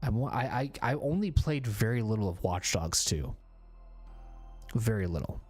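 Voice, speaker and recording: Man streamer, 40s, low-ish voice, casual rambling self-mocking chat over faint music. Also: animated, measured pace, darkish tone, husky. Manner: rambling, self-deprecating, repeats phrases. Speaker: gaming streamer. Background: faint background music.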